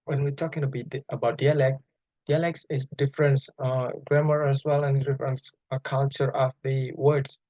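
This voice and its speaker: Young man presenting, halting. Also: mid-range voice, level tone, dark tone, no echo. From Bali, Indonesia. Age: young adult. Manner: halting, many fillers, plain explaining tone. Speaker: student presenter. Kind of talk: class presentation lecture. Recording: dry, dull lo-fi sound.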